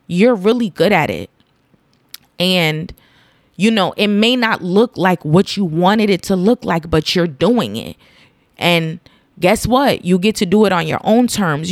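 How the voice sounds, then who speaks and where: Recorded dry with studio quality, a mid-range female voice belongs to a thirtysomething podcaster working solo from her home. She talks casually and earnestly, growing so moved that she ends up crying.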